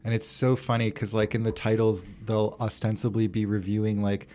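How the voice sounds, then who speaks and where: A man's voice: on the low side, flat delivery, normal speed, a little mellow. A man co-hosting a casual podcast chat, with dry remarks and eager recommendations. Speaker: podcast co-host.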